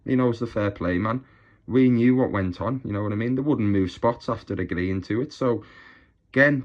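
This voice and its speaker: A man's voice: mid-range voice, highs cut off. A man on a YouTube channel delivering a mocking, boastful rant straight to his rivals. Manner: taunting, boastful, scornful.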